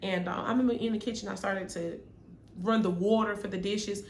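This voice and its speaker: A young woman vlogger telling viewers a personal story in a candid, chatty way, calling them y'all and growing quiet at the sad parts. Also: mid-range voice, steady tone, a little fast. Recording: echoey room with faint noise.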